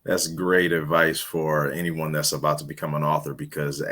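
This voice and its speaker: A man hosting an interview, giving relaxed, affirming replies. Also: very deep voice, normal speed. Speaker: interview host. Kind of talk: casual interview talk.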